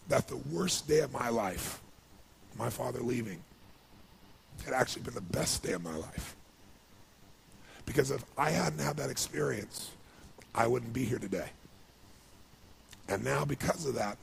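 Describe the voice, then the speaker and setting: A man telling an emotional story to a seminar audience, building to excited outbursts. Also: medium pitch, vocal fry, a little hiss or hum. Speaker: motivational speaker. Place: large seminar hall with audience.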